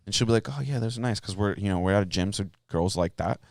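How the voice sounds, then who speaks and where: A man's voice: fairly low pitch, quick pace, creaky, a little mellow, dry recording, studio quality. A man co-hosting a podcast, telling jokey stories in casual chat and acting out both sides of the exchanges. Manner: joking storyteller, acts out both sides of exchanges. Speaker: podcast co-host.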